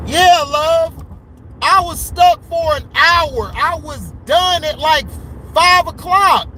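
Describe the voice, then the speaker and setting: A man's voice: very high-pitched, animated, slow pace, pushed and bright, slight background noise, low-quality recording. A man from Florida venting in a heated, slangy rant to his live viewers from his car. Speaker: vlogger. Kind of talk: casual ranting vlog.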